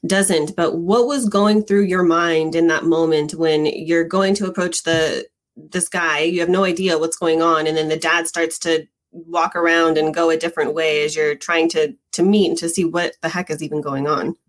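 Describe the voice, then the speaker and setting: A woman hosts an interview and gently steps in with questions. Her voice sits on the lower side, and her manner is polite. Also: steady tone, moderate pace. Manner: polite, asks follow-up questions. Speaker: interview host.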